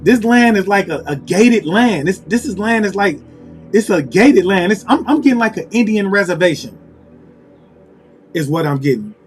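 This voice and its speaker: Speaking at a normal speed with lively intonation, a tarot reader with a high-pitched male voice muses aloud through a relaxed reading. He repeats himself while calling on spirit, and gentle music sits faintly behind him.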